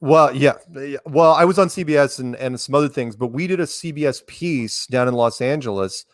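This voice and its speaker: A middle-aged American man, interviewed as a guest, tells stories casually, rambling and often restarting his words. His medium-pitched voice moves fairly quickly, captured in a dry, studio-quality recording.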